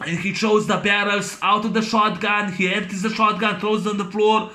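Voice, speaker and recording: A man recapping an action movie in a casual, excited way, making gunshot sounds with his voice and talking haltingly with many fillers. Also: sits high. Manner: halting, full of fillers and restarts. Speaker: movie reviewer.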